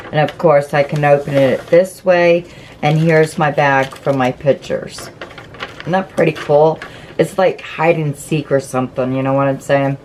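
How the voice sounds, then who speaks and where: A woman's voice: deep voice, darkish tone, slight background noise, rough recording. A woman hosting a casual craft flip-through, chatty and gushing as she explains each step. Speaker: craft channel host.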